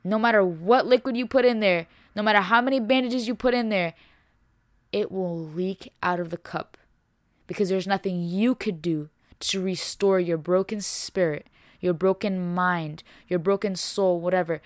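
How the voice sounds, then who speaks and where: A woman's voice: mid-range voice, normal speed, dry recording, clean studio sound. A young woman hosting a faith podcast, preaching with passion and emphasis, repeating herself and dropping casual words like y'all and bro. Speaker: podcast host.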